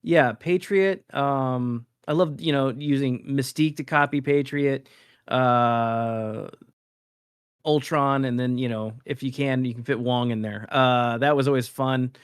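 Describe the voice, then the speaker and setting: A man speaking as a guest artist in a casual interview, relaxed and hesitant, with many fillers. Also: mid-range voice, unhurried, clean tone, no echo, clean studio sound.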